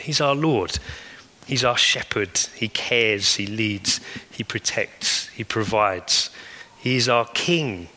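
A man's voice: lowish voice, slow pace, pushed and bright. A man preaching a sermon as a pastor, earnest and building emphasis through repeated phrases. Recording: long hall reverb.

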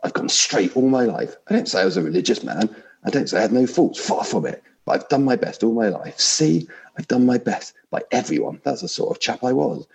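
A man's voice: medium pitch, a little fast, gravelly, a little mellow, voice pushed up, close to an everyday voice. A man reading aloud and voicing a big, aggrieved male ghost who insists on his rights. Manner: indignant, complaining.

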